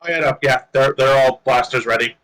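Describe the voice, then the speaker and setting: A man's voice: medium pitch, fairly quick, fairly bright tone, poor audio. A man running a tabletop role-playing game as game master, chatting casually and often laughing while he narrates.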